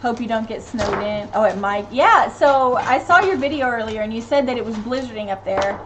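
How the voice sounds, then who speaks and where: A woman's voice: on the high side, a little fast, noisy background. A woman in her thirties from Tennessee, a mother chatting casually on a live stream, rambling with many ums and reading viewer comments aloud. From Tennessee, USA.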